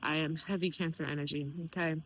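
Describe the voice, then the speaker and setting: A young woman speaking candidly in a personal vlog, emotional and animated, quoting others in lively voices. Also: low-pitched, fast, rough recording. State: tearful at times. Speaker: vlogger.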